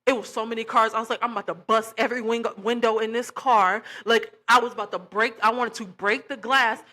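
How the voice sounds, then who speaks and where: A young woman vlogger telling a personal testimony to her viewers in an animated, emphatic way, often calling them y'all. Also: a little high. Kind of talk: casual storytelling to camera.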